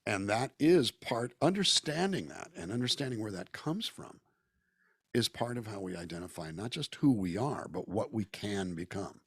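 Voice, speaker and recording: This lowish, breathy-edged voice has lively intonation and a normal pace, captured cleanly in the studio with no echo. The man, a Southern California musician and actor, is a guest in a casual interview over a video call, speaking at length and reflectively. Talkative, he performs the voices of people he quotes.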